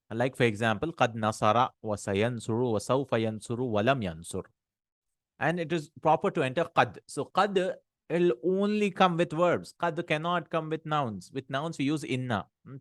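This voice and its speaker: A man's voice: mid-range voice, no room sound. Man teaching Arabic grammar, dry sound. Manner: questioning, checks in with "right?" and "hmm?"; recites Arabic text quickly. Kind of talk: classroom lesson explaining grammar.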